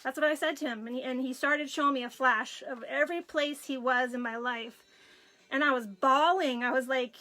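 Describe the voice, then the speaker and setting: A woman's voice: high-pitched, steady tone, moderate pace, pushed and bright. A woman in her forties telling a personal story while tearful, acting out what others said. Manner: emotional, tearful storytelling with quoted dialogue. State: crying, runny nose. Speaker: craft vlogger. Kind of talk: personal story on a live video.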